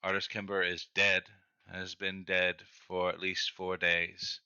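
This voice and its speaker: A man's voice: low voice, completely flat delivery, unhurried, pushed and bright, clear, resonant tone, no room sound, lo-fi sound. A man playing a tabletop game over voice chat, joking and playful. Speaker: player.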